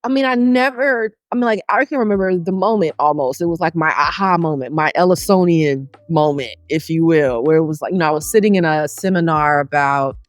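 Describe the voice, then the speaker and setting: A middle-aged woman with a Southern US accent speaks in a relaxed, colloquial way, easing into her points with self-aware humor. Her voice sits a little low, and the recording is close and dry with no room sound. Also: fairly quick, hardly any pauses, dry recording. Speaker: scholar guest. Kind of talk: casual conversational interview.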